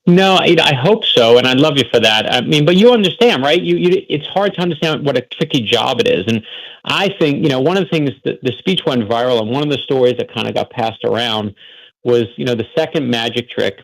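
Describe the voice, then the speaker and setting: A man's voice: mid-range voice, expressive, a little fast, creaky, a bit bright, low-quality recording. A man from Florida speaks as a guest author on a radio show. His voice sits mid-range and he tells his stories with earnest, heartfelt conviction. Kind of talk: radio interview storytelling.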